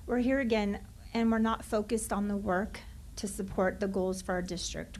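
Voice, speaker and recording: A woman's voice: medium pitch, darkish tone. A woman, a teacher, giving an impassioned, frustrated public comment at a school board meeting into a podium microphone. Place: meeting chamber.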